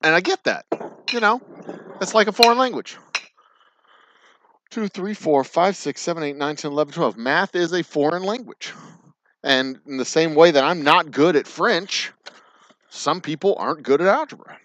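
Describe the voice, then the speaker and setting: A Texan distiller and livestream host rambles casually and profanely while bottling whiskey on the distillery floor, joking and counting cases under his breath. His voice is fairly high and a bit bright, at a moderate pace with long pauses. The audio is dull, with no room sound.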